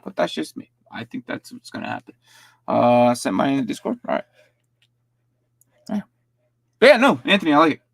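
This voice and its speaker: Gravelly man rambling through roster reviews. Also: a little high, big pitch swings, moderate pace, long pauses, a bit bright, dry recording. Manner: rambling, stumbles and repeats words. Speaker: fantasy football streamer. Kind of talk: casual live-stream roster review.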